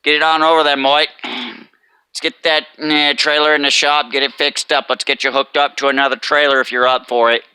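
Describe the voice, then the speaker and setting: A man voicing a relaxed male boss of a trucking crew who talks bluntly and calls people mate. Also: medium pitch, moderate pace, smooth, dry recording.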